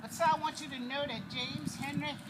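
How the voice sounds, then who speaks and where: Outdoors beside a road, with traffic audible in the noisy recording, a woman performs a first-person historical monologue as a proud, folksy freed slave woman. Her high voice is steady and brisk, lightly acted, and she chuckles in dialect while addressing listeners directly as a living history performer.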